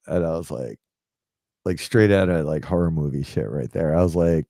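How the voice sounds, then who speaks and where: Low mellow guy rambling thru a story, lots of ums and likes, dry sound. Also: moderate pace, dry recording. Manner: rambling, filler-heavy, drops into quoted dialogue. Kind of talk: casual storytelling.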